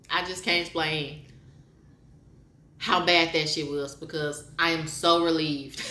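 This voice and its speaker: A woman talks in a slow, unhurried way, with a bright and forceful tone. She gives a candid, repetitive pep talk and mixes in spoken poetry. Her voice echoes around a roomy space. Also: low-pitched, level tone. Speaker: motivational vlogger. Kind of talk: frank personal monologue with spoken poetry. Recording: roomy echo.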